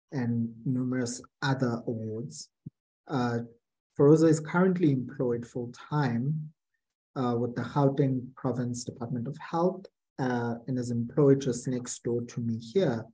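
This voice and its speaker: A man chairs a webinar over a video call, introducing the next speaker. His voice is mellow and mid-pitched. He speaks in a measured way, with frequent fillers. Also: rough recording. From South Africa.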